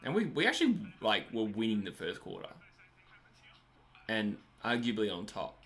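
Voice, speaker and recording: A man's voice: on the low side, wildly swooping pitch, moderate pace, a bit bright. An Australian man hosting a live stream, chatting casually while watching a match, laughing often and answering viewers' comments. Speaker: livestream host.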